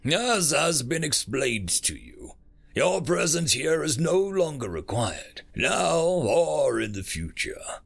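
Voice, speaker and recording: Brief: man doing a cool, superior alien envoy, male and furry. Slow, measured and dismissive; slightly raised pitch. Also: sing-song, gravelly, fairly bright tone, slightly rough, heavily acted. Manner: measured, haughty pronouncements.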